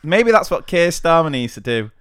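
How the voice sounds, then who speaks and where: A man's voice: on the high side, very animated, normal speed, smooth, no echo. A man co-hosting a podcast, chatting casually, mostly agreeing briefly and dropping dry jokes. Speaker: podcast co-host. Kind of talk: casual chat.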